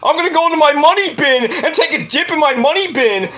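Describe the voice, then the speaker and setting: A man voicing a greedy, money-loving old male cartoon duck who declares things slowly and gleefully. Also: extremely high pitch, animated, bright, forceful tone, pitched above the performer's own voice, full character voice.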